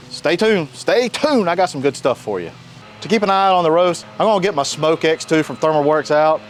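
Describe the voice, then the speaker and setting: A man's voice: fairly high pitch, dry recording. A man from North Carolina, hosting a casual outdoor cooking demo in a folksy, joking way. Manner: folksy, jokey, animated. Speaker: cooking show host. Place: outdoors by a grill.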